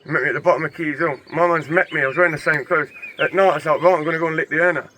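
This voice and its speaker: A man telling a story in a fast, slangy, animated street manner. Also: a little high, slight background noise. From England. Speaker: interview guest. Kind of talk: casual storytelling.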